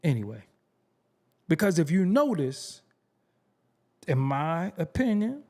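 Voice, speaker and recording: A man hosting his own commentary channel, talking in an emphatic, profane, conversational way, repeating phrases for effect and dropping low for serious asides. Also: very animated, normal speed, darkish tone. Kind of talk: opinionated commentary.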